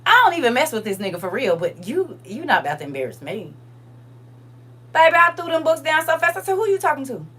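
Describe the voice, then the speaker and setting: Woman livestream host, casual storytelling, animated and blunt delivery. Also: high-pitched, fairly quick, breathy edge. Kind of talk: casual storytelling to a live chat.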